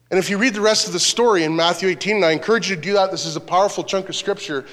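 A man's voice: high-pitched, rapid-fire, few pauses, fairly bright tone, long reverb tail. A man preaching a sermon as pastor, earnest, reading scripture aloud.

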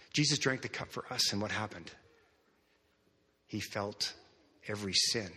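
An earnest male pastor preaches, moving between hushed passages and raised, emphatic ones. His voice is bright and forceful with a husky edge. He is heard in a church with a long, ringing reverb. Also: on the low side. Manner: earnest, repeats words, swings from soft to loud. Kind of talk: sermon storytelling.

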